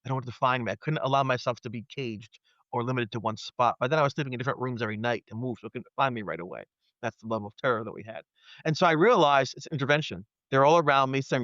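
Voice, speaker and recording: A man's voice: medium pitch, quick pace, fairly bright tone, no room sound. A man in his fifties, a podcast guest, telling a personal story earnestly and acting out his own past thoughts. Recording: dry, dull lo-fi audio.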